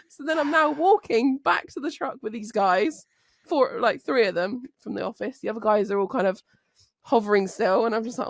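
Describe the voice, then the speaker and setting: A woman's voice: medium pitch, moderate pace, creaky, dry recording, studio quality. A British woman co-hosting a podcast, telling a work story animatedly, laughing often and acting out other people's lines. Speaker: podcast co-host, truck driver.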